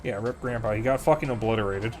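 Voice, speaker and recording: A man's voice: fairly low pitch, fast talker. A young man streaming a video game, chatting candidly with viewers, swearing freely and rambling with fillers. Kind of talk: casual gameplay commentary.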